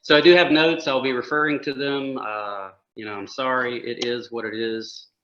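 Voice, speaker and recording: A man hosting a casual movie podcast, joking and recapping plots with quick asides. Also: medium pitch, steady tone, a bit bright, lo-fi sound. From United States. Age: older than the other hosts. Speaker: podcast host.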